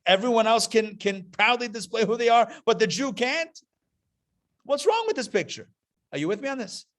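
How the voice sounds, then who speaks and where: A man's voice: very high voice, sing-song, normal speed, a bit bright. A man, a rabbi, giving a passionate live lecture, stressing points with emphatic repetition. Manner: passionate, emphatic, repeats key phrases. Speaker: rabbi teaching a class. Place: classroom before a live audience.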